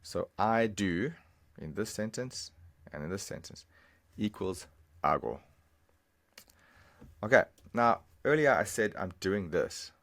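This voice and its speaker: A man teaching a language lesson over a screen recording, patiently explaining and repeating phrases slowly, step by step. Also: lowish voice, lively intonation, a bit bright.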